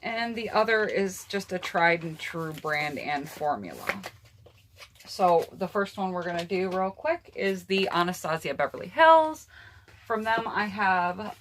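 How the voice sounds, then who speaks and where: A woman's voice: lowish voice, lively intonation, measured pace, a little hiss or hum. A woman beauty vlogger chatting casually through her eyeshadow palettes and talking straight to her viewers. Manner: chatty, personal opinions, addresses viewers directly. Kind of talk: casual makeup palette review.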